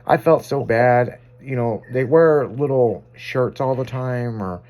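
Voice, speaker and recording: A male radio host spins long, meandering anecdotes on air. He talks casually, swears freely and laughs at his own stories, in a voice of middling pitch. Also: slow, a little mellow. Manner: rambling, profane, self-amused anecdotes.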